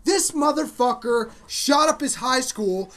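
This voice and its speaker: Brash woman co-host, high and lively delivery, loud comedic banter, crowd noise behind. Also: measured pace. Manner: loud, animated, breaks into shouting and laughter. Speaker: podcast co-host. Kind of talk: crude comedic podcast banter.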